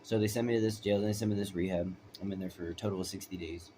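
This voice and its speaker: A man's voice: deep voice, fairly even intonation, very fast, background noise. A man telling his own story in a rambling, emphatic way, often asking "right?". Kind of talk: personal storytelling.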